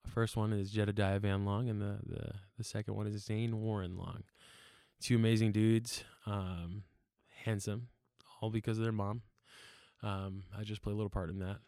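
Earnest young man sharing faith, halting. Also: fairly low pitch, flat delivery, mellow, clear, resonant tone, no room sound, studio quality. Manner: earnest, halting, many fillers and restarts. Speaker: church member sharing testimony. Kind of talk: casual testimony talk.

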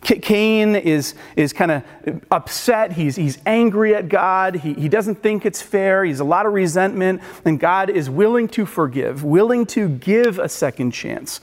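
A man's voice: sits high, lively intonation, measured pace, few pauses. A man preaching a casual sermon, talking loosely with frequent restarts, fillers and rhetorical questions. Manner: casual, rambling with many restarts and filler words. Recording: long hall reverb.

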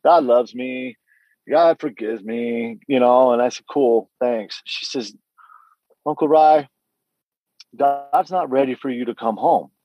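Earnest man retelling his past, halting. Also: medium pitch, no room sound, highs cut off. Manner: earnest, halting storytelling with many restarts and acted-out dialogue. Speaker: guest telling his story. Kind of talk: candid personal testimony.

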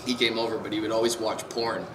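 Low-voiced laid-back man, echoey room. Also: level tone, quick pace, background noise. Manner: laid-back, hesitant, lots of ums. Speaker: podcast co-host. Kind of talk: casual chat.

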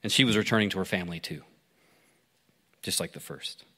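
A man preaching through a story, pausing to ask listeners reflective questions. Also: low-pitched, pushed and bright. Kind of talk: sermon told as a story. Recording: long hall reverb.

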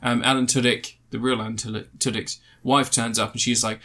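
Guy co-hosting a podcast, bright forceful voice, loose and jokey, loses his words. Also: medium pitch, little pitch movement, fast talker, few pauses. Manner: rambling, jokey, searching for words. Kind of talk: casual chat.

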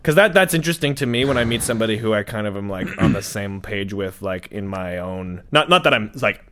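A man's voice: lowish voice, animated, a little fast, a bit bright, a little hiss or hum. A young man talking casually about his dating life as a podcast co-host, rambling and restarting his sentences with lots of filler. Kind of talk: casual chat.

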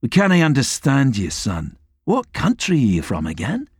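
A man voicing a gruff male Scottish police chief with a blunt, exasperated manner. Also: mid-range voice, wildly swooping pitch, normal speed, no echo, studio quality, voice pushed up.

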